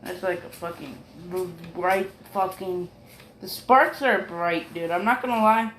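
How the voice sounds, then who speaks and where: Slow, rambling, swearing young man. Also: high-pitched, steady tone, a bit bright, echoey room, slight background noise. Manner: rambling, profane, full of fillers and apologies. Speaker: fan story narrator. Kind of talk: rambling casual fan-story narration.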